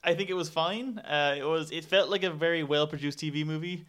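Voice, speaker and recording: A man's voice: a little high, a little fast, a bit bright. Dry, sardonic male film critic. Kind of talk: casual film review chat.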